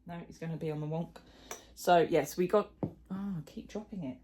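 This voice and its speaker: A woman's voice: lowish voice, fairly quick, noisy background. A middle-aged woman chatting casually in a crochet vlog, rambling and self-deprecating, with plenty of fillers. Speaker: crochet vlogger. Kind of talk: casual chat.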